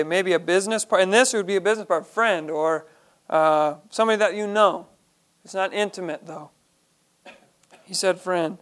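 A man's voice: high voice, fairly bright tone, smooth. A man leading a Bible study, reading each verse aloud and then explaining it in plain, earnest terms.

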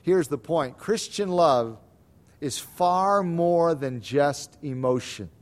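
A man preaches in a high voice, moving between quiet explanation and loud, repeated urging. He is a pastor delivering a sermon and stresses his points by saying them again and again. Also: takes it slowly. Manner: emphatic preaching, swings between soft and loud.

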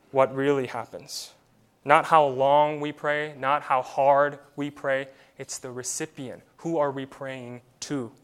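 A pastor preaching in a slightly high, smooth and resonant man's voice. He presses his points with rhetorical questions and then falls quiet to let them land. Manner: emphatic preaching full of rhetorical questions, with sudden drops to quiet; repeats words when starting a phrase. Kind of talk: sermon.

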